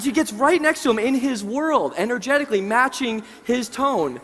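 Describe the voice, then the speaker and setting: A man with a high, bright voice tells an animated story to a seminar audience. His voice carries a long echo from the big conference hall around him. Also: moderate pace, hardly any pauses. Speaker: seminar presenter.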